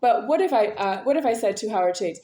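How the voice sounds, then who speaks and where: A woman with a fairly high voice rambles through a personal monologue, halting over fillers and restarting her sentences. Her talk is intense and aggrieved. The recording is roomy and echoey. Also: expressive, dark tone. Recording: echoey room.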